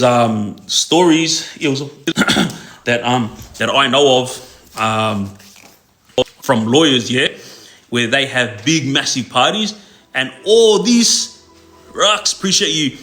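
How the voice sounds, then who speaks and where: A man's voice: medium pitch, animated, takes it slowly, pauses often, sharp tone. A man and former inmate telling prison stories to livestream viewers in a loose, laid-back way, with lots of fillers and tag questions. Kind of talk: casual storytelling to viewers.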